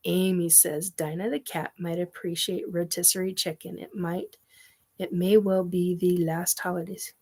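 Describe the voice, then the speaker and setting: A woman's voice: fairly low pitch, steady tone, moderate pace. A middle-aged woman hosting a casual live chat, rambling with many ums and laughs as she reads viewer comments. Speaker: livestream host.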